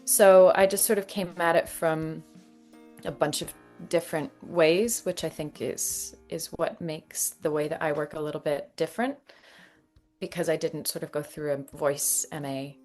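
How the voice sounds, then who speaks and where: A Canadian woman in her thirties, an actress and dialect coach telling her story in an interview, lively and often laughing. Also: sits low, normal speed, soft background music. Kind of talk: conversational interview.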